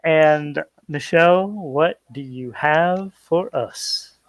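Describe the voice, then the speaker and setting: A man's voice: a little high, slow. A man co-hosting a casual pop culture talk show, chatty and easygoing, plugging the show's channels and trailing off into restarts.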